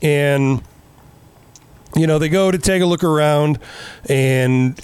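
A man's voice: on the high side, takes it slowly, darkish tone, clear, resonant tone. A man in casual chat recapping a movie in a rambling, sarcastic way, swearing often. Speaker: podcast co-host.

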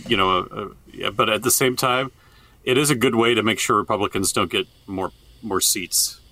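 A man co-hosting a casual political chat who laughs easily and chimes in with quick agreement. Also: lowish voice, bright, forceful tone, no echo. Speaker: podcast co-host.

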